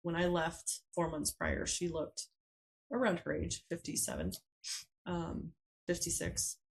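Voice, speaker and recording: A podcast guest, a woman with a low, gravelly voice, tells her personal story in an unscripted, conversational interview. She speaks haltingly and flatly, pausing often and using fillers as she searches for words. The recording quality is poor.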